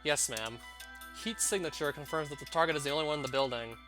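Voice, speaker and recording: A man's voice: a little high, fast, over music, lightly acted. A man reading a formal clipped soldier. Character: disciplined soldier reporting in.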